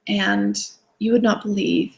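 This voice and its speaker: A woman's voice: mid-range voice, big pitch swings, measured pace, vocal fry, a little mellow, slight background noise, low-quality recording. A woman hosting a wellness challenge over a video call, telling stories in an enthusiastic, rambling way that often drifts off topic. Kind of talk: casual storytelling talk. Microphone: video call webcam.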